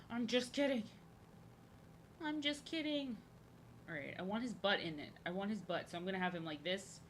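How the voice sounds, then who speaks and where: A woman's voice: fairly low pitch, fairly bright tone, slight background noise. A woman streaming as she draws, chatting casually in a rambling, jokey way and repeating her phrases. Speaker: live-streaming artist. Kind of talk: casual chat while drawing on stream.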